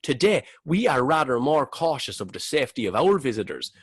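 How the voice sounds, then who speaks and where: A man's voice: mid-range voice, very animated, brisk, breathy edge, dry recording. A man putting on a Cork accent, playing a boastful, cheeky Cork man in a raised sing-song voice.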